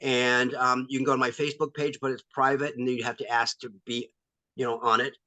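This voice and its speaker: A male actor as interview guest, talking candidly and pausing often with ums. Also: mid-range voice, flat delivery, bright, forceful tone, no echo, low-quality recording. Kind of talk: casual interview.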